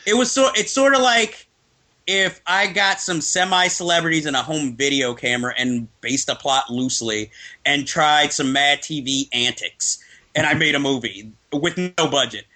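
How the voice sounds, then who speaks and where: A man's voice: fairly high pitch, moderate pace, bright, forceful tone. A man chatting casually about films, opinionated and laughing often. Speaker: guest film reviewer. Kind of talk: casual film chat.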